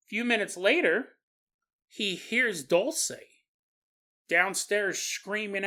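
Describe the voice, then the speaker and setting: Male podcast host, slow animated storyteller, bright voice. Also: high voice. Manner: animated, acts out the characters in the story. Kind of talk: storytelling narration.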